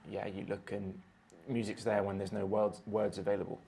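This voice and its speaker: A man speaking as a guest musician on a podcast, thoughtful and measured in casual conversation. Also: on the low side, completely flat delivery, vocal fry, warm tone, slight background noise.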